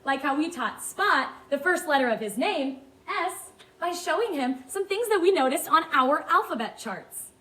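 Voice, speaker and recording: A woman teaching a phonics lesson to young children, sounding out letters slowly and asking them to read along. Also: sits high, expressive, pushed and bright, reverberant, low-quality recording. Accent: Hawaiian English. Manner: slow, stretched-out sounds, read-along prompts. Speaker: kindergarten teacher.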